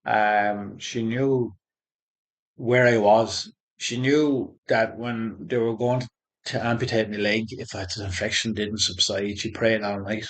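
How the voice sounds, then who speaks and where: A man being interviewed, telling his personal faith story in a halting, earnest way with many restarts. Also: fairly low pitch, fairly even intonation. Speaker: interview guest. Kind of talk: conversational faith testimony.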